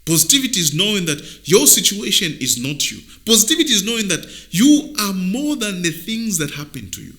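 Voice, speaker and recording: A man hosting a motivational video, speaking emphatically like a preacher, dropping to near-whispers and then rising loud. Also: high-pitched, sing-song, fairly quick, few pauses. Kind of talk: motivational talk.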